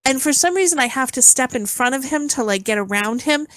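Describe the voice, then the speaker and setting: High, expressive woman in a dry room. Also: a little fast, no echo. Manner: expressive storyteller, swears, squeals in retelling. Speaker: podcast co-host. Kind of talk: casual movie review chat.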